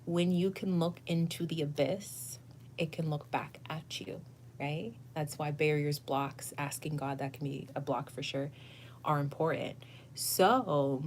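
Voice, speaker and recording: A woman's voice: low voice, a little mellow, a little hiss or hum. A woman hosting a casual tarot livestream, answering viewers in an effusive, gushing way, laughing often and swearing now and then. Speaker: tarot reader and channel host.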